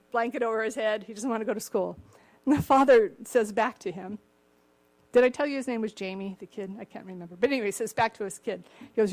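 A woman's voice: on the high side, fast. An older woman preaching a sermon, with a slightly cracked voice and chuckling asides. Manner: warm chuckling asides, acts out the story voices.

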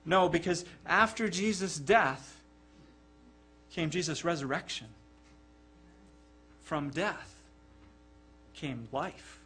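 A man's voice: on the high side, takes it slowly, long pauses, pushed and bright, a little hiss or hum. A man preaching a sermon in an earnest, emphatic way, often repeating words as he presses a point.

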